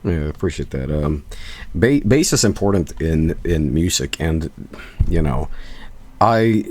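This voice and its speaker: A man's voice: rumbling low, animated, unhurried, darkish tone, husky. A man, a band's vocalist, chatting in a casual Q&A, rambling earnestly with lots of restarts. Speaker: band vocalist. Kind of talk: casual Q&A chat.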